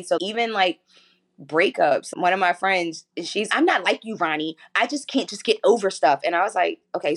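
A woman in her forties talks openly as an interview guest. She tells her stories with animation and laughs often along the way. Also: lowish voice. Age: 40s. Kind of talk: casual chat.

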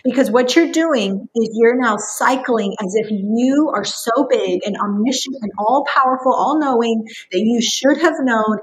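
A woman guest on a Christian podcast, talking in an emphatic, expressive way and laughing often as she speaks. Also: on the high side, low-quality recording. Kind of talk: impassioned faith-based podcast talk.

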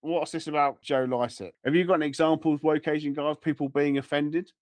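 A man's voice: a little high, fairly even intonation, fairly quick, darkish tone. A man co-hosting a podcast in casual chat, rambling and teasing, often laughing. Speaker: podcast co-host.

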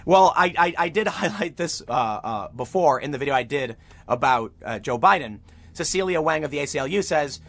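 A man's voice: on the high side, animated, normal speed. A man giving opinionated political commentary as he reads news aloud, emphatic and prone to repeating words when fired up.

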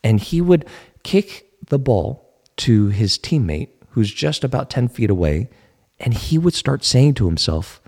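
A man coaching golfers in an online teaching talk, asking his listeners questions and slowly repeating key phrases. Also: medium pitch, big pitch swings, darkish tone, breathy edge.

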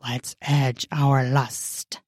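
A woman voicing a bossy, bookish woman professor in an audiobook, talking low and dry. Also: level tone, drawn-out words, a little mellow, dry recording, exaggerated voice. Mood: teasing. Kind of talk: audiobook character voice.

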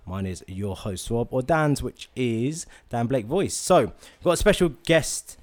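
A man's voice: medium pitch, a little slow. A man with a London accent hosting a podcast in casual, rambling chat full of fillers. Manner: relaxed, rambling with many fillers. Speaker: podcast host.

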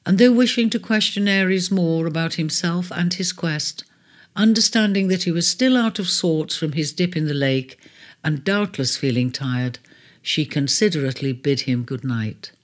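A storyteller in a gentle, measured reading of a storybook. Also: mid-range voice, expressive. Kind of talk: storybook narration. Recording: faint music bed under the voice.

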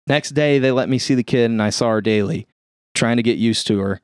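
A man reading a first-person story aloud in a steady, plain-spoken way. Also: medium pitch, brisk, clean tone, dry recording, clean studio sound. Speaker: reader.

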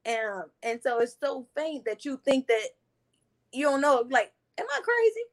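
A woman's voice: a little high, measured pace. A woman who is a guest on a podcast, speaking in an earnest, reflective way in a casual conversation.

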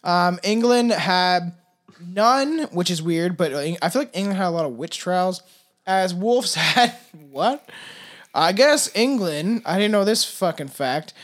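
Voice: mid-range voice, expressive, a little slow. A podcast co-host from Canada in casual chat, rambling with profanity and laughter. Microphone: headphones and mic, remote.

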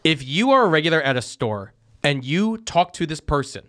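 Animated bantering male co-host. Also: a little high, moderate pace. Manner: teasing, animated, laughs often. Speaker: radio show co-host. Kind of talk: casual banter.

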